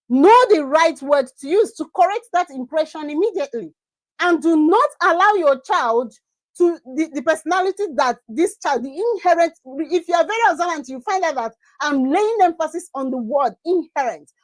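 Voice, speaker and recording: A woman with a notably high voice gives an emphatic, sermon-like talk to parents and teachers. She drives her points home by repeating phrases. The sound is dry and close, with no room echo. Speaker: conference speaker on parenting. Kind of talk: preaching-style motivational talk.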